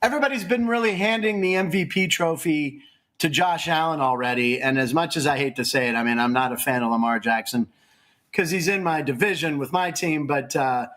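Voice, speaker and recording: A man's voice: on the high side, brisk, a bit bright. A man hosting a casual sports comedy chat, upbeat and laughing easily. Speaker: show host.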